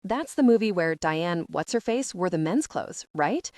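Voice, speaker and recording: A woman's voice: fairly low pitch, expressive, measured pace, darkish tone, no room sound, studio quality. A woman reading an audiobook voices a chatty, teasing young female friend who sounds a little groggy.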